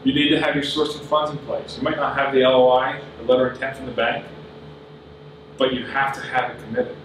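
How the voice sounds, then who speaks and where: A man's voice: medium pitch, flat delivery, fairly quick, a bit bright. A man giving a business talk at a conference, earnest and plain-spoken as he advises the audience. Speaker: conference speaker. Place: large conference room. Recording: very echoey hall, voice from far off, audible noise.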